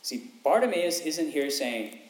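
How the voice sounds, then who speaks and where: A man, a father with young kids, preaching a sermon in an animated way, repeating phrases for emphasis and acting out quotes. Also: on the high side, a little slow. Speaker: pastor. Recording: echoey room, faint ambience.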